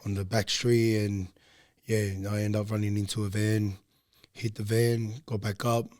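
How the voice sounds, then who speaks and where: Young male guest, low voice, rambling casual storyteller, dry close sound. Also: level tone, measured pace, darkish tone, no echo. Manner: low-key, loose, rambling with frequent ums. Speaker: podcast guest.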